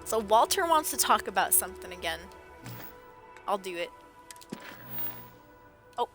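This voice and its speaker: A woman livestreaming a game, chatting excitedly to her viewers while losing her voice. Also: mid-range voice, a little slow. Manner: chatty, excitable, talks to chat. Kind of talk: casual gameplay commentary. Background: game music.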